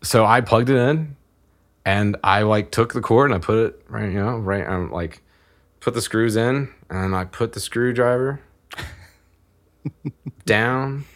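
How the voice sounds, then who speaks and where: A man in his thirties casually telling a funny story about himself, animated and laughing as he goes. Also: on the low side, slow pace, pauses often. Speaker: podcast guest.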